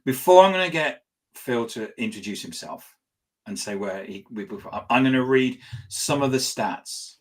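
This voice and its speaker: Male host, halting delivery. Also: medium pitch, lively intonation. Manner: halting, repeats words and restarts. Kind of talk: casual interview chat.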